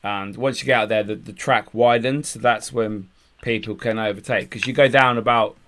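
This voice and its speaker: A man's voice: fairly low pitch, fairly even intonation, moderate pace, a bit bright. A man co-hosting a podcast, chatting casually about a day out, with some swearing. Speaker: podcast co-host. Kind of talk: casual chat.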